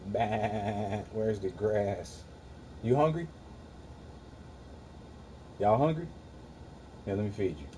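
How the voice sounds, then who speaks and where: A man's voice: lowish voice, slow pace, long pauses, dark tone, slight background noise, low-quality recording. A young man casually livestreaming, arguing with his chat in a profane, dismissive way.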